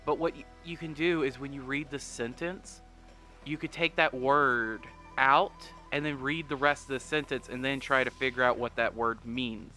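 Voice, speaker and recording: A man's voice: mid-range voice, steady tone, normal speed, bright, forceful tone, soft background music. A young man commentating on a video game he is playing, rambling and joking, now and then slipping into mock voices. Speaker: gaming commentator. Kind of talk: let's play commentary.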